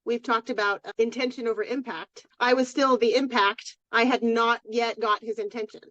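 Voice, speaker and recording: A woman's voice: on the high side, steady tone, normal speed, a bit bright, no room sound. A woman co-hosting a podcast, openly telling a personal story in casual chat with many restarts. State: tearful. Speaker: podcast co-host. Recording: dry, dull lo-fi sound.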